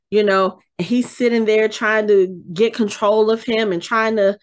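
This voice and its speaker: A woman co-hosting a podcast, recapping a TV episode in casual, animated chat and getting exasperated as she retells it. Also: medium pitch, normal speed. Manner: animated, exasperated storytelling with frequent restarts. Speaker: podcast co-host.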